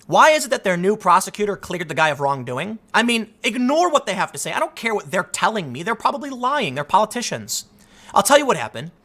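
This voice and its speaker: A man's voice: high-pitched, bright, forceful tone. A man hosting a heated political commentary monologue, emphatic and indignant, often repeating words as he restarts. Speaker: political commentator, show host.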